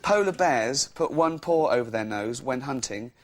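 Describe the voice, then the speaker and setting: A man's voice: medium pitch, lively intonation, moderate pace, a loud crowd. A male comedian telling rambling stand-up stories, often laughing through his lines. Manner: giggly, laughs mid-sentence. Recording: loud hiss under the voice.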